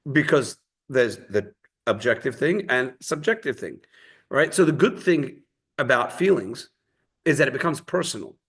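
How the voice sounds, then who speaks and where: Man teaching a relaxed Torah class. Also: mid-range voice, breathy edge. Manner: conversational, storytelling with quoted voices. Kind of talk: informal Torah class with stories.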